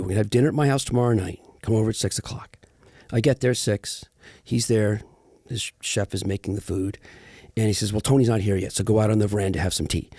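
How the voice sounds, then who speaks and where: A man's voice: fairly low pitch, breathy edge, no echo, studio quality. A middle-aged man, an actor as guest, telling stories in a casual interview and acting out the people he quotes. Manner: animated storyteller, quotes others.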